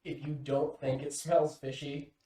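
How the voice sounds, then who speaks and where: A man's voice: fairly high pitch, level tone, measured pace, dark tone. Sardonic man, distant and roomy. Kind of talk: casual chat. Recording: roomy, off-mic.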